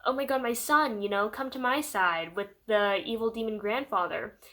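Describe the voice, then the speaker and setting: A woman's voice: a little high, normal speed, fairly bright tone, close to an everyday voice. A woman voicing a scheming villainous mother in a theatrical, mock-menacing way, while recapping a book for a video.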